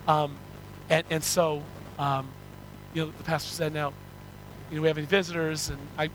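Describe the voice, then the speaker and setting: Bright-voiced male pastor. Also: on the high side, slight background noise, rough recording. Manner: storytelling with rising excitement and repeated starts. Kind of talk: sermon.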